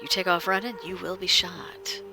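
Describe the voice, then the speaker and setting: Low-voiced woman, whispered role-play narration. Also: little pitch movement, moderate pace. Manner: hushed, suspenseful narration; chats with viewers. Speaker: game master. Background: music.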